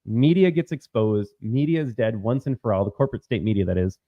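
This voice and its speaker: A man's voice: fairly low pitch, lively intonation, a little fast, no echo, lo-fi sound. Emphatic male political commentator. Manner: emphatic, repeats points, addresses viewers as folks. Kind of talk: opinionated commentary monologue.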